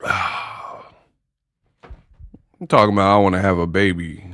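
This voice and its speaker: Heard first is a man who talks slowly, sitting in dry, close-miked sound. He jokes, laughs often and trades slangy banter with his chat. It is a casual live-stream commentary. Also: sits low, level tone, a bit bright, no room sound.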